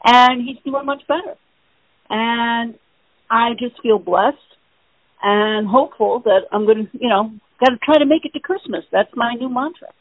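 Husky-voiced woman on a phone line. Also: fairly high pitch, moderate pace, no echo. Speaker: host answering listener questions. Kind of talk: casual spiritual Q&A over the phone. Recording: tinny phone line, dry.

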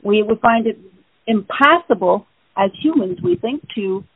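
A woman in a mid-range, breathy-edged voice answers listener questions on a casual spiritual show by phone, speaking at a measured pace with lively intonation. Her explanations are earnest, lengthy, and rambling. The line is tinny and dry, without echo.

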